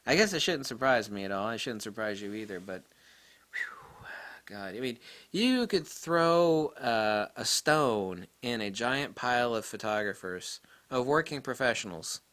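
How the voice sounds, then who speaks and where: Male vlogger, casual incredulous rant, bright tone, lively pitch, laughs a lot. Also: unhurried. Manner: incredulous, rambling, laughs often. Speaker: photography vlogger.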